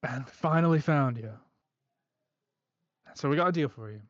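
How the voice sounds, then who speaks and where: A man voicing a menacing male debt-collector warlock with an Australian accent, who makes calm threats and keeps saying mate. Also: mid-range voice, moderate pace, no room sound, lo-fi sound, lightly acted.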